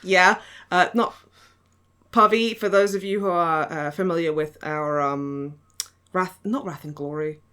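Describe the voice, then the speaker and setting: Podcast host, woman, bright and crisp voice, sardonic and giggly, swears freely. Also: on the low side, a little slow. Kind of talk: casual chat.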